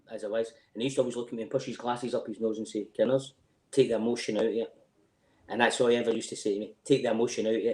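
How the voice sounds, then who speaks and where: A man's voice: medium pitch, a little mellow, reverberant, low-quality recording. A middle-aged Scottish man telling rambling, sweary stories as a podcast guest, often asking "do you know what I mean". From Scotland. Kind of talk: casual chat.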